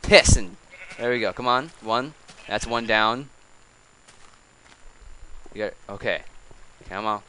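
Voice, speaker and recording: A man's voice: lowish voice, takes it slowly, pauses often, pushed and bright, slight background noise, poor audio. A man giving casual gameplay commentary, coaxing animals along with exasperated, chatty asides. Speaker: let's play host.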